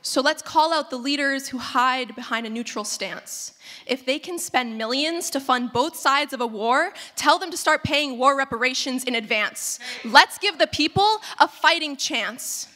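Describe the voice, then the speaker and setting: A teenage girl performs spoken word poetry on a theater stage. Her voice sits high and bright. She pushes through each rhyme with rhythmic, impassioned force. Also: animated, measured pace. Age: teens. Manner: impassioned, rhythmic, rhyming delivery. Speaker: slam poet.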